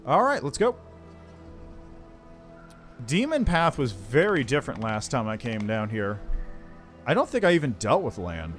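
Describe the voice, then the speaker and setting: A man's voice: medium pitch, huge pitch swings, measured pace, pauses often, soft background music. A man streaming a game, chatting casually and reading the story aloud.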